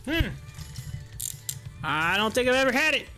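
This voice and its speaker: A man's voice: extremely high pitch, sing-song, unhurried, bright, forceful tone, soft background music. A man hosting a live stream, rambling through casual stories and viewer comments and laughing often. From United States. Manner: rambling storyteller, laughs often, repeats himself.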